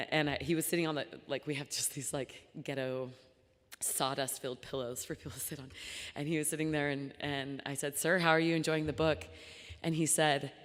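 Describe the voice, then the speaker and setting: A young woman with a low voice gives an earnest, conversational talk at a luncheon, hopping between thoughts with plenty of ums and restarts. Her voice rings out with a long reverb tail from a large banquet hall. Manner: earnest and chatty, with frequent fillers and restarts. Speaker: nonprofit founder giving a luncheon talk. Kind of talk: speech to a live audience.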